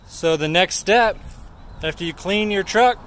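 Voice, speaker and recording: A man talks through a cleaning demonstration in a measured, unhurried way, his voice sitting a little on the high side. Faint vehicle ambience hums underneath the recording. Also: a bit bright, a little hiss or hum. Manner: slow, plain instructional talk. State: out of breath. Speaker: shop employee demonstrating. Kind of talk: how-to demonstration.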